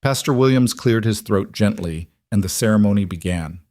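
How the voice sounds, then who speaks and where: A man narrating a scripted western romance story in a measured, gentle way. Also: on the low side, dry recording, clean studio sound.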